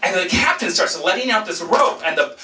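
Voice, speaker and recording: A man telling a funny personal story to an audience, animated and self-mocking, acting out voices and sounds, in a roomy echoing space. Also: high voice, brisk.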